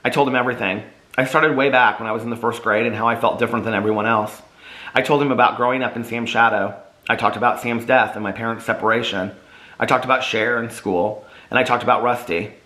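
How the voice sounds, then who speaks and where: A man's voice: mid-range voice, fairly even intonation, fast talker, sharp tone, reverberant, poor audio. A man reading his own novel aloud in first person, earnest and emotional.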